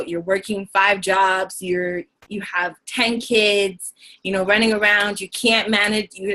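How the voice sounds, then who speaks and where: A woman's voice: mid-range voice, fairly bright tone. A young woman co-hosting a team video call, giving an earnest, encouraging talk from her notes and sometimes searching for words.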